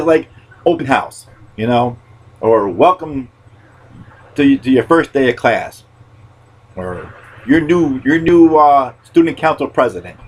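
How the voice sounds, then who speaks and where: A man hosting a podcast, telling a story in a loud, rambling way and swearing freely. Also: mid-range voice, poor audio. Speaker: podcast host.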